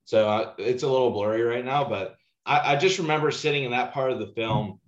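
A man co-hosting a film podcast, recalling scenes haltingly with many restarts and "um"s. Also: medium pitch. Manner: hesitant, restarts and "um"s while recalling. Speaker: podcast co-host. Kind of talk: casual film review chat. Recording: dull echoey room sound.

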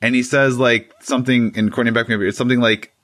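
A man's voice: medium pitch, fairly even intonation, fast, a bit bright. A young man co-hosting a podcast, chatting casually with jokes, swearing and rambling explanations. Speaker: podcast co-host. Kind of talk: casual chat.

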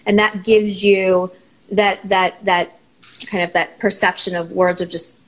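A woman therapist, a guest on a talk show, explaining ideas in a steady teaching tone. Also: medium pitch, measured pace, low-quality recording. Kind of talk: conversational explanation.

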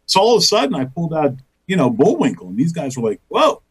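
A man's voice: on the high side, wildly swooping pitch, fast talker, husky. A male stand-up comedian telling a story in casual chat, acting out quotes and laughing often. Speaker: guest comedian and voice actor.

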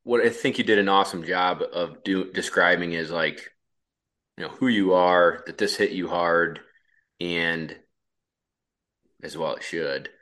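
A man's voice: low-pitched, measured pace, pauses often, fairly bright tone. A man interviewing a guest in a casual conversation, supportive and asking prompting questions.

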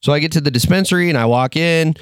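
A fairly high-voiced man from Michigan spins a story on a podcast, animated and full of swearing as he acts out everyone's lines. The sound is dry and close on a studio mic. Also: fast, clean tone, no room sound. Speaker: podcast co-host. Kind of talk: casual storytelling chat.

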